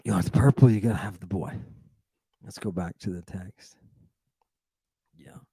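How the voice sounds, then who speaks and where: A man giving an animated livestream lecture on ancient texts, theatrical and slangy, repeating his exclamations for emphasis. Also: deep voice, normal speed, gravelly, breathy edge, dry recording.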